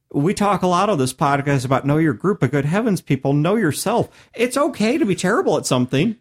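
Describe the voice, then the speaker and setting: A man hosting a podcast in casual chat, talking emphatically and laughing often, from Missouri. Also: high-pitched. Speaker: podcast host.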